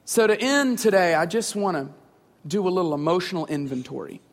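An earnest male preacher in his thirties with a notably high voice, talking to his congregation in a warm, conversational way and stacking up questions. His voice rings out with a long reverb, as if spoken in a church sanctuary. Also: expressive, brisk. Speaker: pastor. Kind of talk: sermon.

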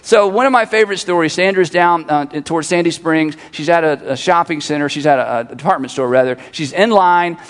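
A middle-aged man preaching a sermon as pastor, animated and repeating his key phrases for emphasis while leading the congregation. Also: fairly high pitch, brisk, hardly any pauses. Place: large church auditorium. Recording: long hall reverb.

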